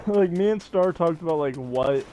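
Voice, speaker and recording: A young man with a slightly high, dark-toned voice streams a survival game, chatting casually with viewers and friends. He rambles from one joke to the next and laughs often. A faint hiss or hum sits under the audio.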